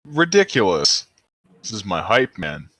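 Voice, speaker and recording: A man's voice: fairly low pitch, lively intonation, takes it slowly, very noisy. A man playing a tabletop game with friends, bantering and laughing often. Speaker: player. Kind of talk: casual tabletop play. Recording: online voice chat.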